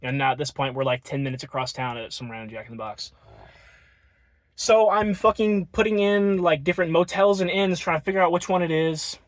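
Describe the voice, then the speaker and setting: High-voiced guy telling a rambling story. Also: fairly quick, no echo. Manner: rambling, profane, laughs while telling. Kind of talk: casual storytime.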